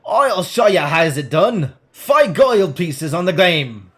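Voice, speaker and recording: A man voicing a swarthy, eye-patched male sailor and dice gambler, with a thick put-on seafaring accent and a slow, drawn-out delivery. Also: on the high side, expressive, fairly bright tone. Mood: gruff.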